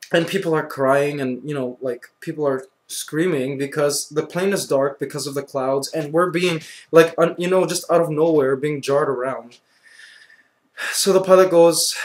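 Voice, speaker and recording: A young man vlogging, telling a story with excitable, acted-out reactions and lots of "like" and "you know". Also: a little high, normal speed. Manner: excitable, acts out his own reactions with sudden loud outbursts; peppers speech with "like" and "you know". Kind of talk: animated storytelling.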